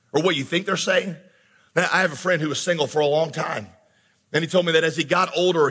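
A man preaching to a congregation with a high, bright, somewhat husky voice. He delivers an animated sermon and acts out anguished questions to God. His voice rings out with the long reverb of a large sanctuary. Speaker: pastor.

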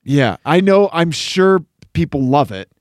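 A man co-hosting a podcast, chatting casually about cars, relaxed and quick with asides. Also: fairly high pitch, no echo, studio quality. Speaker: podcast co-host.

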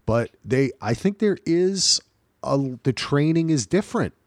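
A man's voice: on the high side, big pitch swings, unhurried, no echo, studio quality. An American man co-hosting a podcast, chatting casually in a rambling way, with lots of fillers and restarts. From United States. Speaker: podcast co-host. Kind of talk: casual chat.

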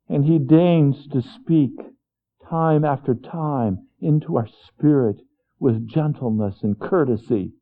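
A man preaching a sermon as pastor, earnest, swinging between hushed, quiet passages and fervent, raised ones. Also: a little high. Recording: tinny phone-like sound.

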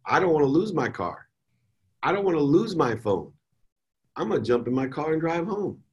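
A man's voice: on the high side, sing-song, moderate pace, a little mellow, breathy edge, lo-fi sound, voice pushed up. A man quoting his teenage daughter. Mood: anxious. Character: teenage girl, his daughter, sleepy then defensive.

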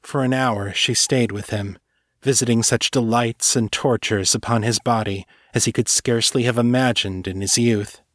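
A man who is an author and podcast host, reading his fiction in a measured, deliberate way. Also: mid-range voice, fairly even intonation, fairly bright tone, no room sound, studio quality. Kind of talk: scripted fiction narration.

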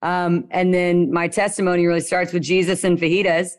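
Slightly low Louisiana woman storyteller. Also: brisk. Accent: Southern US, Louisiana. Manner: lively storyteller, playful asides and slang. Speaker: guest. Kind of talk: casual storytelling.

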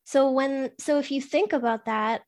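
A woman with a somewhat high voice, talking things through in a relaxed, explanatory way. She fills her sentences with "like" in an easygoing podcast chat. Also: normal speed. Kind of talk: casual podcast conversation.

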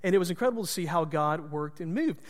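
A pastor with a high-pitched voice tells a personal story from the pulpit, chatty and poking fun at himself. His voice rings out with a long reverb, as in a large hall. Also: lively intonation, quick pace. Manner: conversational, self-deprecating humor. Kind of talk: storytelling sermon.

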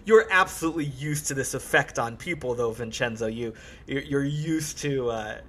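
A man acting as game master, handing out quick, encouraging rulings. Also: medium pitch, bright, forceful tone. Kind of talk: running a tabletop game.

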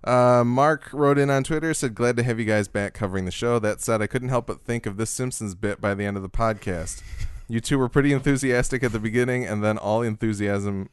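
A man's voice: medium pitch, a little fast, hardly any pauses, clean tone, no echo. A man co-hosting a podcast, reading listener messages aloud in a casual chat and laughing easily. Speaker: podcast co-host.

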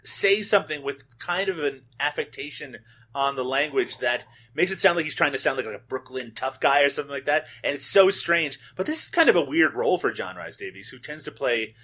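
A man's voice: mid-range voice, animated, brisk, bright, forceful tone. A man hosting a casual podcast discussion, steering the talk and putting questions to his co-hosts. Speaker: podcast host.

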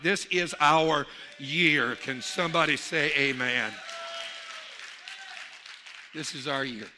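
Sharp-voiced preacher telling a story. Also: male voice, on the high side. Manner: animated storyteller, calls for amen. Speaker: pastor. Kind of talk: sermon.

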